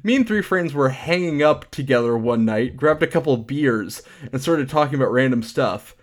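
A man's voice: medium pitch, animated, moderate pace. A man co-hosting a comedy podcast, reading forum posts aloud and joking, laughing often. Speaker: podcast co-host.

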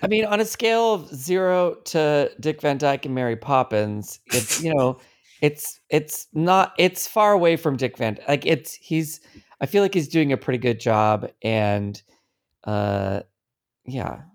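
A man co-hosting a podcast, chatting casually, animated and quick to exclaim and trail off. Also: fairly high pitch. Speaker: podcast co-host. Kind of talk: casual chat.

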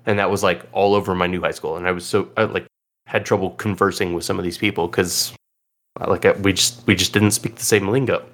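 Male podcast host, very low voice, meandering casual chat. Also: steady tone, a little fast, a bit bright. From Illinois. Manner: rambling, filler-heavy.

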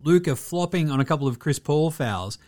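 A man hosting a casual sports talk show, swearing freely and talking in a loose, animated way. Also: on the high side, normal speed, faint music behind. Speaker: podcast host.

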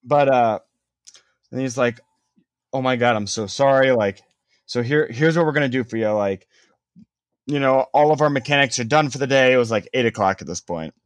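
A man's voice: mid-range voice, moderate pace, long pauses, no echo. A young man telling a long story in casual chat, rambling with lots of "like" and casual swearing.

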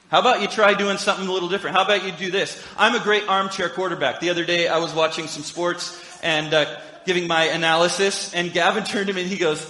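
A man's voice: sits high, fast, few pauses, bright, forceful tone. A man preaching a sermon in a conversational, storytelling way with humorous asides. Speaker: pastor. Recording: echoey hall reverb.

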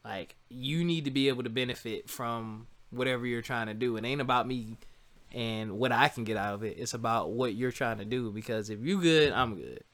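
Bright, smooth-voiced man telling a story. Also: mid-range voice, a little fast. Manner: animated, laughs often, talks to listeners as y'all. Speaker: co-host telling a couple's story. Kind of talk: casual storytelling chat.

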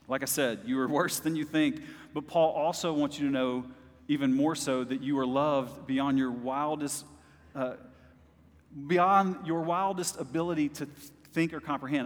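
A man's voice: fairly high pitch, steady tone, normal speed. A male pastor preaching a sermon to his congregation, speaking directly to them and rising to impassioned bursts. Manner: talks directly to the congregation as "y'all". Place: church service. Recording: long hall reverb.

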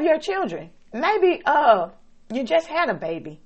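A woman preaching a sermon, slow and dramatic, swinging between loud emphatic lines and soft, hushed ones. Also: high-pitched, sing-song.

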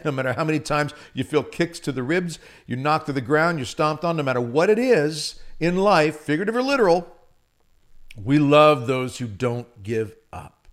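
Impassioned male preacher, slightly high voice. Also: lively intonation, moderate pace. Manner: impassioned, swings between loud and hushed. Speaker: Catholic preacher. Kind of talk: sermon.

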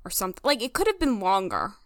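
Chatty woman co-host with a lively voice. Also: mid-range voice, fast talker, no room sound, clean studio sound. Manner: chatty, laughs easily. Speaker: podcast co-host. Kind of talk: casual rewatch podcast chat.

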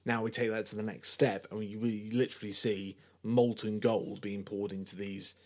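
A man's voice: on the low side, moderate pace. Rambling man reviewing films. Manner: rambling, animated, many fillers. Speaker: podcast co-host. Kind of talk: casual film review chat.

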